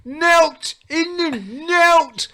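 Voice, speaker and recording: A man voicing a brash Midlands rock guitarist who grumbles about having no money, in a Midlands accent, loud and high. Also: steady tone, very slow, heavily acted. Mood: indignant. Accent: Midlands English.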